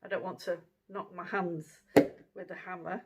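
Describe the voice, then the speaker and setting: A woman's voice: on the low side, little pitch movement, unhurried, heavy background noise. A woman hosting her own channel, chatting casually through a fruit taste test at home, with plenty of fillers. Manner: chatty, conversational, many fillers. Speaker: channel host.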